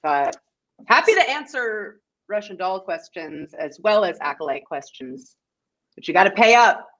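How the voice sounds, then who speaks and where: A woman's voice: mid-range voice, very animated, unhurried, fairly bright tone, highs cut off. A woman guesting on a livestream, chatty and laughing as she rambles through a story. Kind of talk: casual livestream chat.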